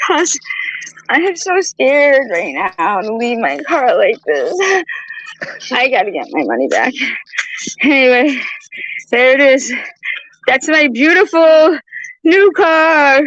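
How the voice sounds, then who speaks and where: A woman's voice: high voice, highs cut off, slight background noise. Distraught woman venting through tears. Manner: distraught, swearing, voice breaking into tears. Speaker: vlogger. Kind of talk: tearful venting monologue. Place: outdoors by her car in hot humid weather.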